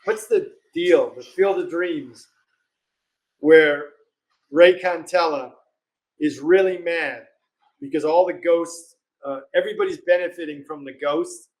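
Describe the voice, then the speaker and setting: A man with a fairly high voice and measured pace hosts a live legal Q&A stream. He reads viewers' questions out in a casual, chatty way and laughs often.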